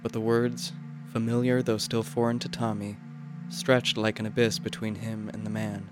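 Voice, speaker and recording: A man narrating a literary short story in a measured, quiet, even manner. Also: fairly low pitch, over music.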